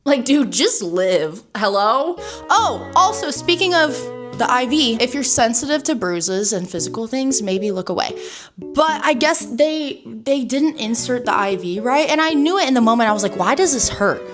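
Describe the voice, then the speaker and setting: A woman's voice: a little high, lively intonation, moderate pace, over music. A young woman vlogging in a casual, chatty way. She tells stories with energy and says "like" a lot. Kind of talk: casual chat.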